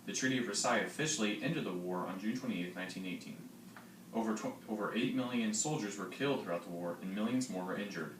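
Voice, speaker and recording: A teenage boy reading a school history project in a plain, steady way. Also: on the low side, fast talker. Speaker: student presenter. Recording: roomy, distant mic, faint noise.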